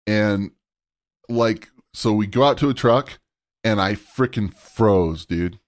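Lively middle-aged man telling a story. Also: lowish voice, takes it slowly, dry recording, clean studio sound. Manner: animated storyteller, laughs often, acts out quotes. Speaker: podcast host. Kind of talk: casual interview storytelling.

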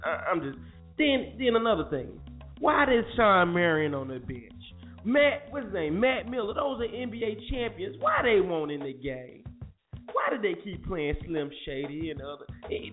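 A man hosting a morning show, ranting about sports in a heated, profane, repetitive way. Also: sits high. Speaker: show host. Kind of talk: casual sports rant. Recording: tinny phone-like audio with faint music.

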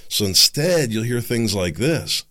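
A man's voice: mid-range voice, lively intonation, a little slow, sharp tone. A man hosting a political commentary show, ranting in a sarcastic, exasperated way. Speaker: host.

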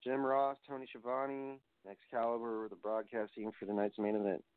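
A man hosting a wrestling review show, talking off the cuff and wandering between points as he reads through results. His voice sits at a middling pitch. It comes through thin and phone-like, with a dry, close sound. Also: level tone, normal speed, smooth, no room sound. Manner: rambling, reads results aloud and digresses. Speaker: wrestling podcast host. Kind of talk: casual solo show review.

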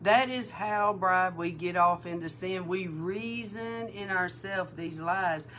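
A woman minister giving a sermon-style testimony, animated and emotional, acting out the dialogue in her story. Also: on the low side, slow pace, a little hiss or hum. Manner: emotional, near tears. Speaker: prophetic minister.

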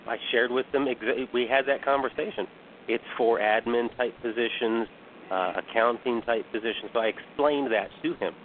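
Guest, man, mid pitch, halting with restarts, tinny phone line, faint hiss. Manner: hesitant, many restarts. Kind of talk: casual call-in chat.

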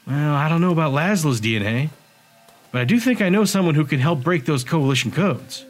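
A man voicing a sharp-tongued young woman bartender and hacker, talking bluntly and casually in an audiobook. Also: a little high, expressive, fairly quick, lightly acted. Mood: urging.

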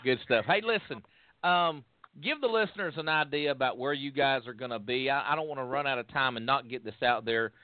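A man's voice: medium pitch, a little fast, no echo. A man hosting a casual interview show, welcoming guests and asking questions with friendly hesitations. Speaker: podcast host and announcer. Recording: phone-like, dry sound.

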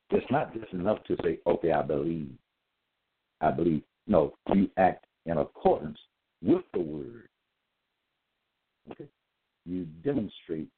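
A man's voice: low-pitched, vocal fry, slightly rough. A man giving a solo lecture, reading out verses, repeating his points and asking listeners whether they got it. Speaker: self-styled preacher. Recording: tinny phone-like audio.

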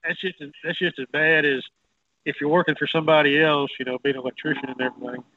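A man's voice: a little high, fairly even intonation, fast talker, bright, forceful tone, no room sound, highs cut off. A man chatting casually on a talk show, telling folksy anecdotes from the electrical trade. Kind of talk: casual chat.

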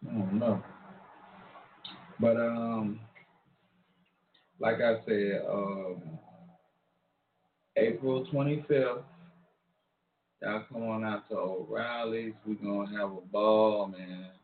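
A man talks at an unhurried, drawling pace in a relaxed, slangy way, like a host rapping with his listeners. His voice sits a bit low. It comes through a thin, phone-like line with room echo and faint background ambience. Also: slight background noise. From Long Island, New York. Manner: laid-back, drawling, slangy. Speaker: show host. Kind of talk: casual street talk monologue. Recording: echoey room over a tinny phone-like line.

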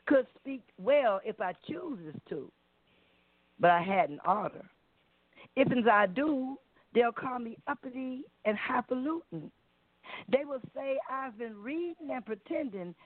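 A woman's voice: medium pitch, no room sound. A woman calling in to an open mic show to perform a spoken word poem, delivering it in a rhythmic, emphatic way and playing with dialect. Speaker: open mic poet caller. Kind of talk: spoken word poetry reading. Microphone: phone call. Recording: dry tinny phone line.

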